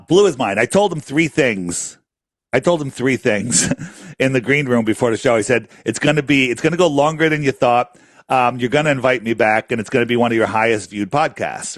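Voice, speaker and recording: A man's voice: medium pitch, no room sound, clean studio sound. A man talking in a casual interview, emphatic and repeating phrases for effect. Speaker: flat earth guest.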